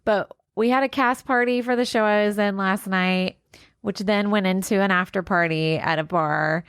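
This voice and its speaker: A woman's voice: mid-range voice, moderate pace, fairly bright tone, clear, resonant tone, no room sound, clean studio sound. A woman in her forties co-hosting a podcast, tired and headachy after a late night, telling stories with a self-deprecating laugh. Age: 40s. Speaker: podcast co-host. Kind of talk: casual chat.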